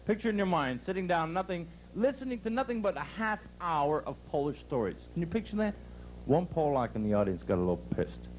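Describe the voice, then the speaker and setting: A man's voice: on the high side, very animated, a little fast, slight background noise, low-quality recording. A man doing brash live stand-up comedy, working the crowd with punchy delivery on a resort club stage.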